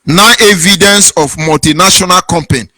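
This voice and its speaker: A man's voice: high voice, normal speed, bright, forceful tone, no echo. A man from southeastern Nigeria with a Nigerian accent, giving a fervent political monologue as host in a sing-song preaching cadence. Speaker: online broadcast host.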